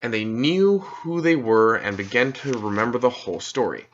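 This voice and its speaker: A man reading a children's novel aloud as an audiobook narrator, calm and soft-spoken. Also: mid-range voice, moderate pace, a little hiss or hum. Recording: dull lo-fi recording.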